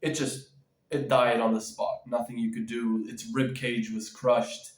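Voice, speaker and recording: A man's voice: medium pitch, level tone, measured pace. A man ranting casually in a vlog, rambling and emphatic, with lots of fillers and restarts. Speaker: vlogger. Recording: echoey room.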